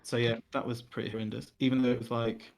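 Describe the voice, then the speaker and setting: A man's voice: medium pitch, flat delivery, fast, gravelly, a little mellow. A young man co-hosting a podcast, telling a long, casual story full of fillers and mocking quoted voices. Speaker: podcast co-host.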